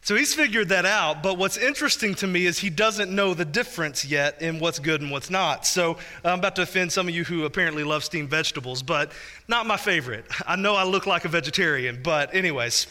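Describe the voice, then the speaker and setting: Bright-voiced pastor preaching a sermon. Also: male voice, a little high, brisk. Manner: conversational, joking asides to the congregation.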